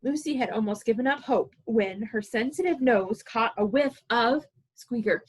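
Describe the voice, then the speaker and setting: A woman librarian reading a picture book aloud to preschoolers, animated and playful, asking the children questions as she goes. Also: fairly high pitch, normal speed, husky, low-quality recording.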